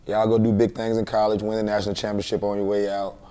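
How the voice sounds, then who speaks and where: A male host asks a long interview question at a fast clip. His voice is low and dark, with very little rise and fall. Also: monotone, smooth.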